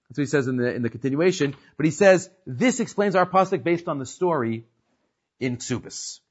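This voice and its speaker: High, husky-voiced male Torah teacher. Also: muffled recording. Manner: animated, asks the class rhetorical questions. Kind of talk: Torah class lecture.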